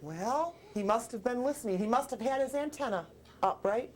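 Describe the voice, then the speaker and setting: High, sing-song woman author coaxing a group of kids, faint room hum. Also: normal speed. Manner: animated, coaxing, asks kids questions. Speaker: children's book author. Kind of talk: talking with young children about a picture book. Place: television studio with children.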